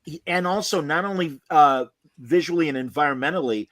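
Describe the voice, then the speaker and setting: A man's voice: on the high side, a little fast, fairly bright tone, no echo. A man on a podcast who critiques a film with sarcasm and mimics the characters. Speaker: podcast co-host. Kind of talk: casual movie review chat.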